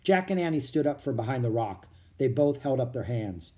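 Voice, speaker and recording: Animated, mellow children's book reader. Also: medium pitch, normal speed. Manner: expressive, animated reading. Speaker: audiobook reader. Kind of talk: children's storybook narration.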